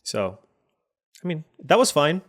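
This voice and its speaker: A man's voice: a little high, big pitch swings, a little slow. A man streaming a digital card game, chatty and musing aloud over each play as he weighs his options. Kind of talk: thinking aloud while playing.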